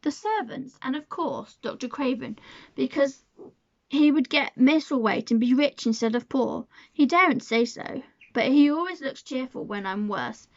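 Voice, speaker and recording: A woman's voice: high voice, moderate pace, dry recording. A woman reading a storybook aloud and voicing a sickly young boy who talks in a fretful, petulant way. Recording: dull lo-fi sound.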